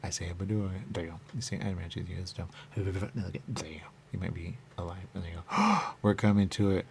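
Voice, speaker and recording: A man's voice: sits low, quick pace, gravelly, a little hiss or hum. A man talking on in a rambling, repetitive monologue as a radio show host, looping back to the same catchphrases.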